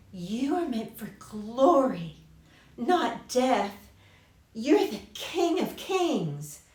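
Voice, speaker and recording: A woman's voice: on the high side, darkish tone, roomy sound, full character voice. A woman voicing a male devil who coaxes and tempts with promises of glory. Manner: coaxing and persuasive.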